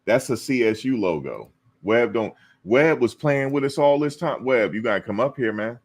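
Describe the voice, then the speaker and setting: A man's voice: medium pitch, normal speed. A man hosting a casual live-stream talk show, teasing and answering his viewers. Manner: animated, teasing, talks to viewers and chat. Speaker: show host.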